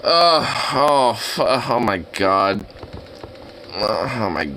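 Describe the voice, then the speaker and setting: A livestreamer chatting casually on a live reaction stream, voice turning hoarse and raspy, excitable and swearing, squealing high when gushing. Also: very slow, slight background noise, low-quality recording.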